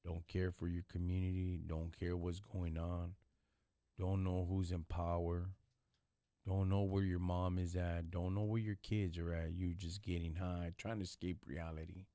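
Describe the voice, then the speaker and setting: A man's voice: deep voice, little pitch movement, unhurried, dark tone, no room sound, studio quality. A man hosting a live stream, talking in casual, blunt street slang and lecturing at times. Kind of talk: casual chat.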